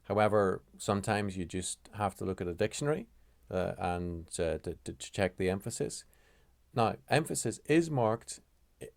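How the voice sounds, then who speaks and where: A man with a low, deep voice explaining pronunciation rules at a slow pace. He halts often and corrects himself mid-sentence. His voice is dry and close, with no room sound. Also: vocal fry, no room sound. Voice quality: halting, with frequent fillers and self-corrections. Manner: measured, deliberate delivery. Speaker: language teacher.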